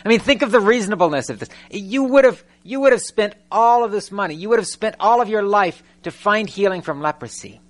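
Male preacher, fairly high-pitched, animated storyteller who acts out characters and peppers the congregation with rhetorical questions. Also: a little fast, few pauses. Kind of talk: sermon.

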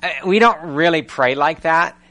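A man preaching a sermon, telling the story with animated storytelling and firing rhetorical questions at the congregation. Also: on the high side, normal speed. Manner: animated storytelling, acting out scripture characters.

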